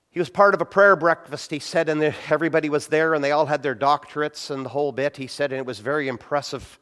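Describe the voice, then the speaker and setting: A man's voice: on the high side, quick pace, hardly any pauses, a bit bright. A middle-aged male pastor giving a conversational sermon on prayer, acting out short quotes as he tells stories. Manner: conversational preaching with acted-out quotes.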